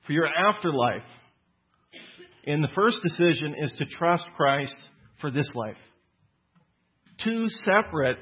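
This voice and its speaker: A man's voice: a little high, breathy edge. A man preaching a sermon to a gathered audience in an earnest, teaching manner. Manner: earnest teaching, slows for emphasis on quotes. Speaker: pastor. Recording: dull lo-fi sound.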